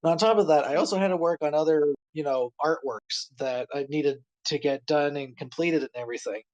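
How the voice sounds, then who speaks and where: A man with a voice pitched a little high, talking casually on a podcast. He explains things in rambling sentences that stop and restart. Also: brisk, a little mellow, muffled recording.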